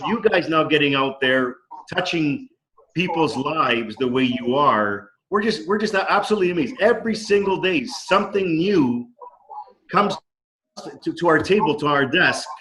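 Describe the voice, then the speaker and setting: A man's voice: fairly high pitch, animated, moderate pace, pushed and bright, poor audio. Enthusiastic man telling stories on a call. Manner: enthusiastic, acts out quoted dialogue. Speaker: company co-founder. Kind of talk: casual storytelling on a video call. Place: home dining room. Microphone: video call microphone.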